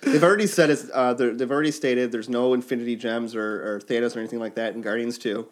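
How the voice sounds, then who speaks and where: A man in casual chat with friends, explaining fan theories in an animated way. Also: mid-range voice, quick pace.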